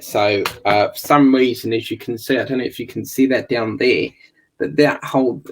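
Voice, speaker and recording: A man with a gravelly voice, chatting casually while building a scale model kit and muttering and swearing under his breath. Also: mid-range voice, slight background noise, poor audio. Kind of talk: casual build video chat.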